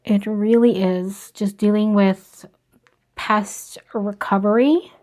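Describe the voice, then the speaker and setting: A woman vlogging about plant care, talking softly and slowly as she works, with worried asides. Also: mid-range voice, steady tone. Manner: slow, soft-spoken, worried asides. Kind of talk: casual narration while working.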